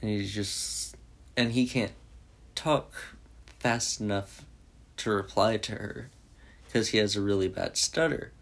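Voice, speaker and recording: A man's voice: fairly low pitch, slow pace, vocal fry, long pauses, a bit bright. A man casually recapping a movie in a rambling way, full of "like" and restarts. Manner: rambling, heavy use of "like". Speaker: movie reviewer.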